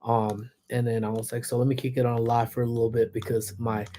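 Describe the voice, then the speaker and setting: A man with a warm, mellow voice and a slight hoarseness talks casually on a livestream. He greets chatters by name, laughs easily and rambles through his day from a parked car. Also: mid-range voice, flat delivery, brisk. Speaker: livestreamer who also teaches classes. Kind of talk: casual livestream chat reading viewer comments.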